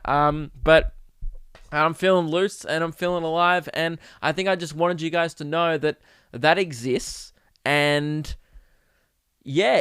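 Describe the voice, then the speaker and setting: Brief: young Australian man, higher-pitched smooth voice, loose comic podcast rant. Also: dry recording, clean studio sound. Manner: rambling, animated, swears freely. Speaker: podcast host. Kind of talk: casual comedic monologue. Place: home podcast setup.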